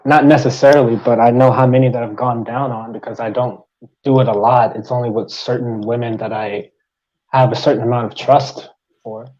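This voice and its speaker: Male guest caller, rambling and unsure, dark tone over dull lo-fi line. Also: mid-range voice, steady tone, fairly quick. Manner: hesitant, rambling with fillers. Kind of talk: casual chat.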